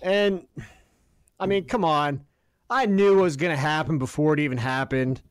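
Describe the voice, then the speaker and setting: A man on a podcast, his voice pitched high for a man, tearing into a football loss. He talks in a heated, sarcastic way, swears freely and pushes toward shouts. The sound is close and dry, with no room around it. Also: moderate pace, clean tone, no echo. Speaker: podcast co-host. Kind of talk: profane sports rant.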